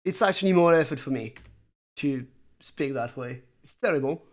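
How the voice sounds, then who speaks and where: Livestream chat, conlang streamer, thinking aloud, hesitant fillers, deadpan self-mockery. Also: medium pitch, normal speed. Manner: dry, self-mocking humor; talks to chat viewers. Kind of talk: casual livestream chat while working.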